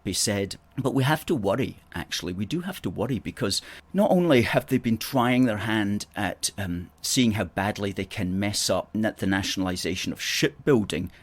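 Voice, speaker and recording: A man's voice: on the low side, animated, normal speed. A man with a Scottish accent hosting a livestream, chatting in an opinionated, rambling way, reading out viewer comments and correcting himself as he goes. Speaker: host.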